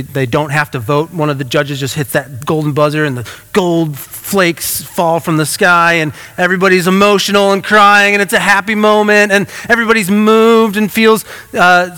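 A man preaching with a high, bright voice, earnest and conversational, with self-deprecating asides. His words ring out with a long reverb, as if in a large sanctuary. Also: clear, resonant tone. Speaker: pastor. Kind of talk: sermon.

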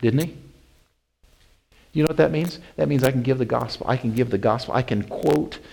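A man's voice: mid-range voice, creaky, rough recording. Man preaching with surging, repeated emphasis. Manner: swings from loud, rising emphasis to hushed, slow delivery; repeats phrases and restarts, addresses listeners as "my friends". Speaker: pastor. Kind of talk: sermon.

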